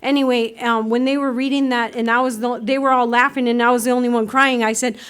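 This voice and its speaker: Woman, recovery meeting speaker, lively storytelling, bright high voice, acts out voices. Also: quick pace, clean tone. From United States. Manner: animated storytelling, acts out voices, laughs often. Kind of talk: personal recovery talk. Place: meeting room.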